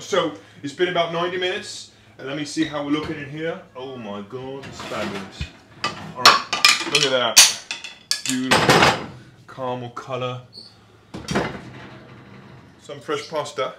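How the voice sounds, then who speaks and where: A man's voice: mid-range voice, normal speed, long pauses. Man hamming a comic accent while cooking. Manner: hammy put-on comic accent; chatty step-by-step instructions. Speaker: cooking show host. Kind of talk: home cooking demonstration. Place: home kitchen. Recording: echoey kitchen with background noise. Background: sizzling and clattering pans.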